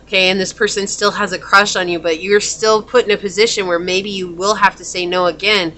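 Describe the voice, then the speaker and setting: A woman talks through a pick-a-card tarot reading in a casual, chatty way. Her voice is bright and lively, she laughs easily, and she keeps acting out little quoted lines. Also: mid-range voice, a little fast, a little hiss or hum. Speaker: tarot reader.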